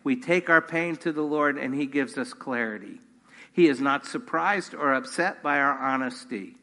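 A man's voice: medium pitch, moderate pace, sharp tone. A man preaching a sermon to his congregation, earnest, rising in force on key points. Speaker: pastor. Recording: long hall reverb.

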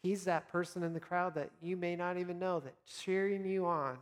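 A man speaking as a pastor, giving an earnest, encouraging devotional talk for Lent with gentle pauses. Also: high voice, steady tone, in a large hall.

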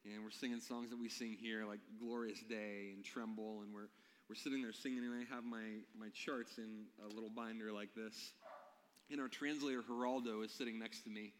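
A man's voice: lowish voice, fairly even intonation, normal speed, a little hiss or hum. Man, pastor, storytelling sermon, questions to the congregation, long hall reverb.

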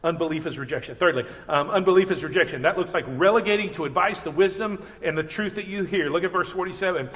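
A man preaching a sermon as pastor, earnest and animated, acting out everyday voices. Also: sits high, fast, hardly any pauses. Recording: reverberant hall.

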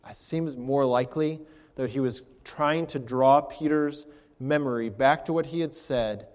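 A man preaching a sermon, leaning on rhetorical questions as he works through a passage. His voice sits at a middling pitch, and it carries with a long reverb as if filling a church hall. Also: measured pace, darkish tone. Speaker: pastor.

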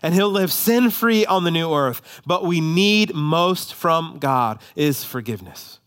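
A man preaching a sermon, moving between hushed, slow passages and emphatic ones, often repeating words as he restarts. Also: a little high, lively intonation. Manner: dynamic, shifts between hushed and emphatic delivery; frequent quick repetitions and restarts. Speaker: pastor.

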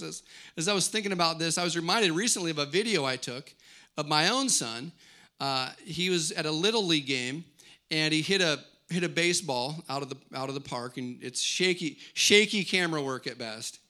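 A man's voice: on the high side, fairly quick, pushed and bright. A middle-aged man preaching a sermon, declaring scripture lines with rising intensity and then teaching in a conversational way. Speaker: pastor.

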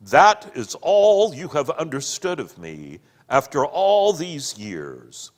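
A man voicing a self-pitying, theatrical ghost husband who declaims bitterly and loudly. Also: fairly high pitch, very animated, takes it slowly, pitched above the performer's own voice. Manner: declaiming, bitter, loud, drawn out. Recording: long hall reverb.

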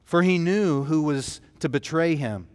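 A man's voice: a little high, measured pace, darkish tone, big-room sound. A man preaching a sermon as pastor, telling the story in an earnest, emphatic way.

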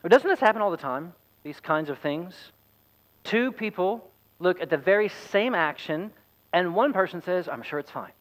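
A man's voice: high voice, expressive, moderate pace, fairly bright tone, poor audio. A man, a pastor, preaching a sermon in a conversational, storytelling way. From United States.

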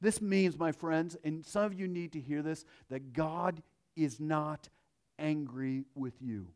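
High-voiced man giving a slow sermon. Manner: earnest, swings from hushed to emphatic. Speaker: pastor.

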